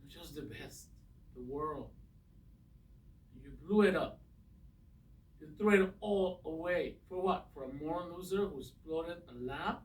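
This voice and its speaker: A man in an acting class playing an angry, heartbroken father confronting his estranged daughter, speaking in halting, restrained lines. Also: a little high, close to an everyday voice. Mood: accusing. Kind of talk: acting class scene work. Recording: roomy echo, distant mic.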